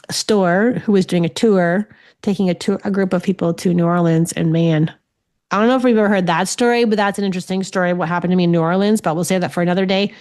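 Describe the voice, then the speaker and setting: A woman's voice: on the low side, darkish tone. A woman in her forties hosting a podcast as a spiritual medium. She tells stories in a chatty, casual way and swears freely. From Ontario, Canada. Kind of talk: casual solo podcast chat.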